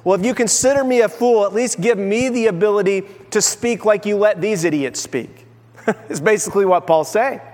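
High-voiced pastor preaching in a reverberant hall. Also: male voice, fairly quick, darkish tone. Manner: conversational, self-deprecating, acts out quotes. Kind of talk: sermon.

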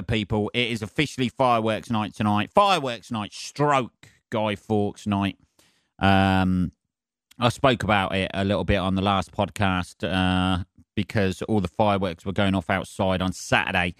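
A man's voice: lowish voice, steady tone, moderate pace, a bit bright, smooth, no room sound, studio quality. Sweary man ranting on his podcast. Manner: sweary, sarcastic, rambling banter. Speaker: podcast host. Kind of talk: solo podcast rant. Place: his flat. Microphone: decent studio mic.

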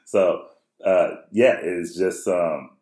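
A man in his thirties, a podcast co-host, telling a rambling, animated story with many restarts in casual chat. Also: deep voice, very slow, echoey room.

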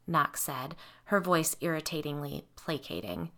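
A woman narrating a horror novel in a steady, even reading voice. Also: low voice, unhurried, creaky. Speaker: audiobook narrator.

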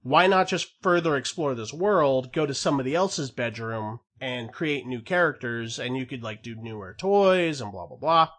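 A man's voice: mid-range voice, animated, normal speed, few pauses, a bit bright. A man co-hosting a podcast, chatting casually and rambling with many fillers and restarts. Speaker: podcast co-host. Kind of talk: casual chat.

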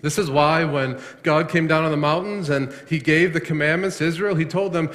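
A man's voice: on the high side, brisk, hardly any pauses, a bit bright. Preaching man in an echoing hall. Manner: asks questions and answers them himself, repeats words when emphatic. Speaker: pastor. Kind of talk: sermon. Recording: long echo of a large hall.

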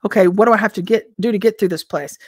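A woman teacher and minister giving informal prophetic teaching in a conversational way, full of rhetorical questions and an occasional throat clearing. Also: mid-range voice, fast, dry recording, studio quality.

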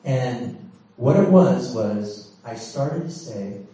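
Middle-aged preacher in an echoey hall. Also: male voice, medium pitch, expressive, slow pace, mellow. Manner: candid, storytelling, with laughs and dramatic swings. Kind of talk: sermon with personal story. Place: large church hall. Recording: echoey hall, mic from far off.

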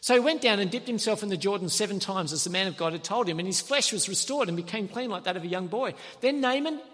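A man preaches in a lively, animated storytelling style and briefly acts out the characters' lines. His voice sits high and bright. The sound rings with the long reverb of a large hall. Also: quick pace, breathy edge. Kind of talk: sermon.

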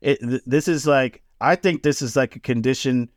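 Smooth-voiced man in a book chat. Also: medium pitch, normal speed, dry recording, studio quality. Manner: thoughtful, many "like" and "you know" fillers. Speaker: podcast co-host. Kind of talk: casual book discussion.

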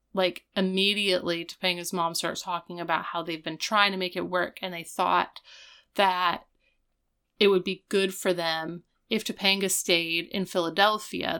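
A woman's voice: on the low side, fairly bright tone. A woman co-hosting a casual recap chat, retelling scenes and quoting the characters as she goes. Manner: retells scenes with quoted voices. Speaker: podcast co-host.

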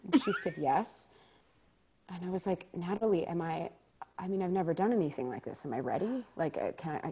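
A woman's voice: fairly low pitch, a little fast, slight background noise. A woman, a stage actor, telling a story in conversation, acting out quoted dialogue with frequent laughter. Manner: animated, acts out quoted dialogue, laughs often.

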